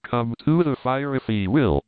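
A man's voice: medium pitch, expressive, a little slow, clear, resonant tone, dry recording, close to an everyday voice. A man reading the part of an ancient, hollow-voiced witch in a storybook reading, tinny and phone-like. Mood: hollow, cold. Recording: tinny phone-like dry sound.

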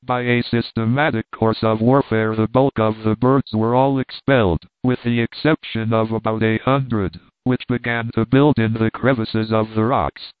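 A man narrating an audiobook chapter in a steady, measured way, with a tinny, phone-like sound. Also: fairly low pitch, clean tone, no echo. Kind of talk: audiobook reading.

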